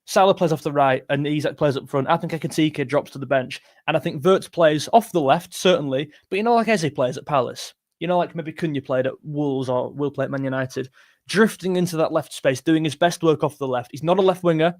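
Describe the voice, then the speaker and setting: A young man hosting a live football stream, talking fast and opinionated, with frequent restarts. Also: on the high side, darkish tone, no room sound, studio quality. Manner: quick, opinionated, chatty, with many restarts. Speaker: football channel host. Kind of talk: live-stream chat reading super chats.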